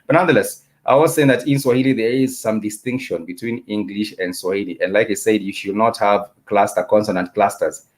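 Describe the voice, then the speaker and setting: A man teaching a live-streamed language class, explaining at length with many fillers and repeating words slowly letter by letter. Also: fairly low pitch. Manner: repetitive, explanatory, many "uh" and "you know" fillers. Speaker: Swahili teacher.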